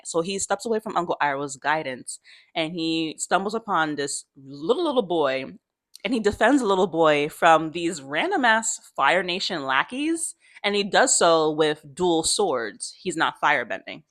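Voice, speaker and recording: A woman's voice: fairly low pitch, very animated, normal speed, fairly bright tone. A young woman vlogger chatting casually, slangy, swearing freely and laughing often. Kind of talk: casual chat.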